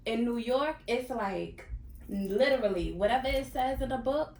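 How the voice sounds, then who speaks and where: A woman's voice: on the high side, lively intonation, normal speed, gravelly, darkish tone. A woman guest on a casual podcast chat, talking matter-of-factly and saying "like" a lot. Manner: matter-of-fact, uses a lot of "like". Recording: echoey room with faint noise.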